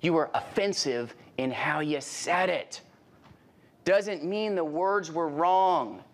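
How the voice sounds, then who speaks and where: A middle-aged man giving a live sales training talk, punchy and animated, with repeated phrases, rhetorical questions and sudden loud exclamations as he acts out little scenes. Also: on the high side, takes it slowly.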